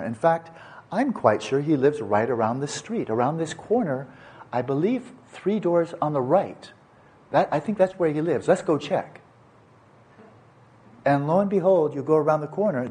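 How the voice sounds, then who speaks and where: Husky older man teaching meditation. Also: mid-range voice, darkish tone. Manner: digressive, repeats and restarts words, playful asides. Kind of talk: unscripted dharma teaching.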